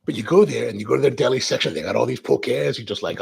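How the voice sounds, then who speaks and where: A man's voice: medium pitch, racing, gravelly, hardly any pauses, a little mellow, slightly rough. A man hosting a coffee show, chatting casually in a rambling way, drifting off on tangents and restarting his sentences. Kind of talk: casual chat.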